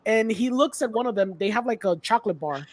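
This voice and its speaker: A woman's voice: on the high side, fast. A Puerto Rican woman co-hosting a podcast, casually retelling a movie scene by scene and acting out the characters' lines, with bits of Spanish. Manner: relaxed recap, slips into Spanish, acts out lines. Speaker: podcast co-host. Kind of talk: casual movie recap chat.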